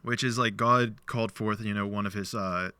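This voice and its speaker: Podcast host, male, lowish, bright and crisp voice, dry close sound, animated storyteller voicing quoted lines. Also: moderate pace, dry recording. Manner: loose speech with many "like" fillers. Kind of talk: casual conversation, retelling a parable.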